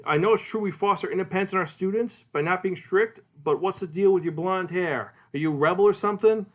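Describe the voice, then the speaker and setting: A man voicing an easygoing, lightly teasing male high school teacher. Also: fast, a bit bright.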